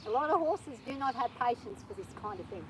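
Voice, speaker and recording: A woman vlogging from horseback on her farm, talking nervously and gently soothing her horse. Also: a little high, animated, quick pace, slight background noise, poor audio. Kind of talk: casual spoken vlog.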